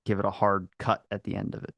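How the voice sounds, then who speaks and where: A man's voice: lowish voice, monotone, fast, vocal fry, fairly bright tone, no room sound. A man from Maryland with a Baltimore accent, hosting a casual podcast chat, curious and rambling as he talks. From Maryland, United States. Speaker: podcast host.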